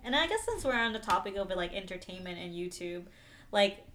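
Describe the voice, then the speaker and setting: A woman's voice: mid-range voice, sing-song, fairly quick, crowd noise. A young adult woman in casual chat, reflective and chatty, full of filler words.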